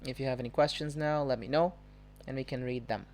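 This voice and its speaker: A woman's voice: extremely low pitch, steady tone, quick pace, a little mellow. A woman with a Brazilian Portuguese accent, teaching a live-streamed language lesson, patiently explaining and repeating example words. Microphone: phone or webcam on a live stream.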